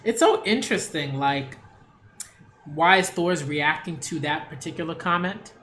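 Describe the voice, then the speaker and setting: A man's voice: fairly high pitch, measured pace, pushed and bright, roomy sound, a little hiss or hum. A man reviewing manga in a casual read-along, rambling with many fillers and restarts.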